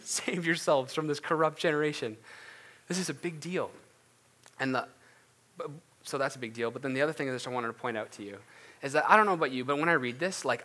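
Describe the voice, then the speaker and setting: A male pastor with a bright, forward voice gives an earnest, conversational sermon. He talks loosely, full of fillers and restarts, and moves into a prayer. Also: mid-range voice, a little fast. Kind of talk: casual sermon ending in prayer.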